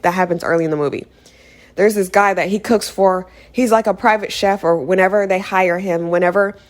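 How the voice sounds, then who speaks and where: Exasperated woman ranting a movie recap. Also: on the low side. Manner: animated, exasperated, sarcastic. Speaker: movie commentator. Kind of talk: casual movie recap rant.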